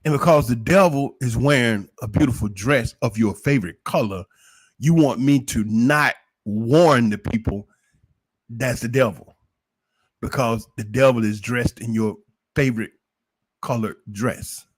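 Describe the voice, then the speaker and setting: A man delivers an opinionated livestream monologue in a preachy, emphatic way. He keeps throwing rhetorical questions at his audience. His voice sits at an average pitch for a man. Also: a little slow, slightly rough. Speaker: livestream commentator.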